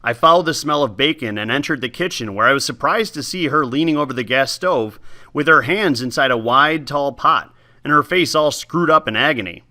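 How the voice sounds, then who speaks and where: A man reading a novel aloud with lively, expressive storytelling, then talking casually about the book. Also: mid-range voice, a little fast. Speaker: teacher giving book talks.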